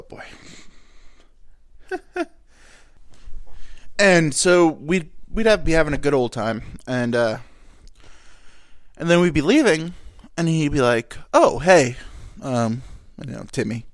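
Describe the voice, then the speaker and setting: This podcast host is a young man whose mid-range voice comes across nasal, like he's been crying. He rambles through a casual personal story, stumbling over fillers and correcting himself along the way. There's no echo, just clean studio sound.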